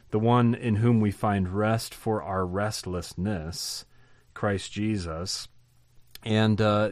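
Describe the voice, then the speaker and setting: A man with a somewhat low voice leads a relaxed podcast Bible lesson. He teaches with animated energy, posing rhetorical questions and then answering them, and he repeats words to stress them. The sound is dry and close, with little room echo. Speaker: podcast host and theology professor.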